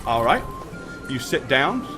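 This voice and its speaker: A man narrates a tabletop game as game master in a casual, chatty way, thanking viewers as he goes, with background music playing. His medium-pitched voice is slow and swings widely in pitch.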